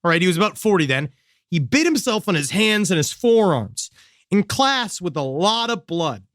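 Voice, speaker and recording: Male comedy podcast co-host, higher voice, excitable riffer, dry studio sound. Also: normal speed, no room sound. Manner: excitable, riffing, jokey. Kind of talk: casual comedy podcast chat.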